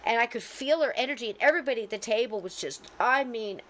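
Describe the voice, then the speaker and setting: A middle-aged woman, a podcast co-host and medium, telling a story in a casual, earnest way and softly quoting her own gentle words. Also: a little high, fast talker. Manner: earnest, soft-spoken retelling with gentle quoted asides.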